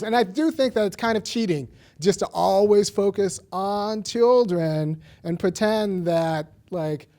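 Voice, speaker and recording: A man's voice: on the high side, mellow. A man hosting a panel, speaking in a wry, casual way and laughing between points. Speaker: panel host.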